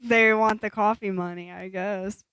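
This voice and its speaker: A woman's voice: medium pitch, steady tone, unhurried, fairly bright tone, smooth, no echo. A woman co-hosting a casual podcast, making wry remarks and laughing through them. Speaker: podcast co-host. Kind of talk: casual chat on a livestreamed podcast.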